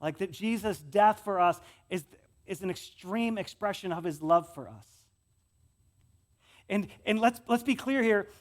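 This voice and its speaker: A male pastor with a West Michigan accent, preaching a sermon in a conversational way, often repeating words and moving between loud stretches and soft ones. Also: high voice, animated, a little slow.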